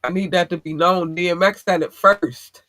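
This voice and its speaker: A man's voice: high-pitched, fairly even intonation, moderate pace, pushed and bright, dry recording. A man hosting a podcast, giving blunt, profane advice in a casual monologue. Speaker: podcast host.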